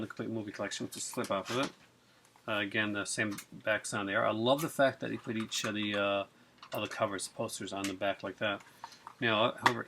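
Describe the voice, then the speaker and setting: This man's voice is on the low side as he hosts a casual unboxing video, rambling excitably with many fillers. He sounds chilled from the cold and rain, and the background is noisy.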